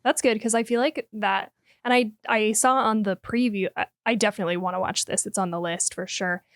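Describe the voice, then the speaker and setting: A woman's voice: medium pitch, steady tone, brisk, no echo. Woman cohost, casual and blunt, swears a bit, dry close sound. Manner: responsive, frank, swears casually. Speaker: podcast co-host. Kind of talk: casual chat.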